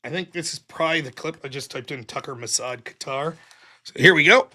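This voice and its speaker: A man hosting a live stream, reading viewer messages aloud with sarcastic, animated commentary. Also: a little high, fairly quick. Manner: sarcastic and animated, mocking repetition. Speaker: livestream host.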